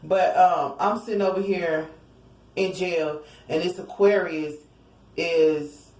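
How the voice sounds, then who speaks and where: A woman's voice: lowish voice, steady tone, slow pace, darkish tone, roomy sound, poor audio. A woman giving a casual tarot reading, talking in a chatty, slangy way and acting out what people might say. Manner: chatty, slangy, acts out quotes, sings snatches of songs. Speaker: tarot reader.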